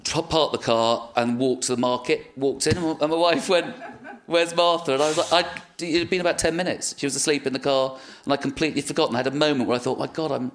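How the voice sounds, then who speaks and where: A man's voice: mid-range voice, quick pace, few pauses. An English man, a comedian guest, telling rambling, self-mocking stories with many hesitations. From England. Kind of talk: casual comic anecdote telling.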